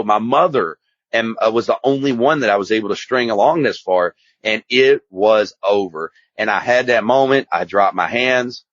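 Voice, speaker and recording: A man's voice: fairly low pitch, a bit bright, dry recording. A man, a guest telling his story in a candid, rambling, emphatic way. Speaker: guest, addiction specialist and author. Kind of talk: casual storytelling interview. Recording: slightly muffled dry recording.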